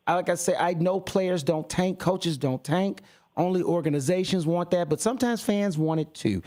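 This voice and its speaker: Brief: man, sports talk host, slightly high voice, passionate and exasperated. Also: moderate pace, warm tone. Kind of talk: sports talk radio rant. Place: radio studio.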